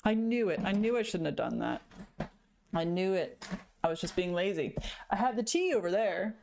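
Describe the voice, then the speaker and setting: A woman's voice: medium pitch, very animated, moderate pace, gravelly, noisy background. A young woman livestreaming her art, chatting casually with viewers and swearing ruefully about a spill. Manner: rueful, swearing, talking to chat. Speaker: livestreaming artist.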